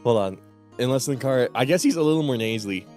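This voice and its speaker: A man's voice: medium pitch, lively intonation, quick pace, darkish tone, faint music behind. A man streaming a game live, chatting casually with profane, laughing asides. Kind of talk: casual live gaming commentary.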